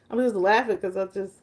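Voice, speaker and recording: A woman in her forties chatting casually and animatedly about hair care and food as a vlogger. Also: on the low side. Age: 40s. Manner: chatty and animated, talks baby talk to her dog. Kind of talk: casual chat.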